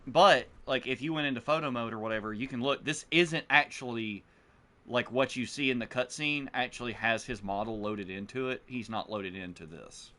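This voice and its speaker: A man playing a co-op game and chatting about it casually, excitable as he comments on the action. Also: mid-range voice, moderate pace. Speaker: co-op gameplay streamer. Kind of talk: casual gaming chat.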